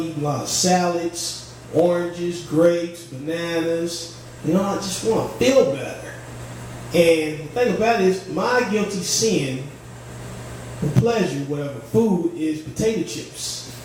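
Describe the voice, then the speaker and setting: A man's voice: sits high, a little mellow, a little hiss or hum. A young man performing a stand-up routine on a comedy club stage, telling stories in a laid-back way and throwing in "man" often, sweaty from moving around. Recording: echoey room from far off.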